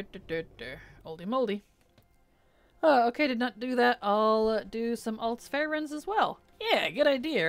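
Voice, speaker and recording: A young adult woman live-streaming a game in casual chat, reading viewers' messages aloud, answering them and laughing often. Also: medium pitch.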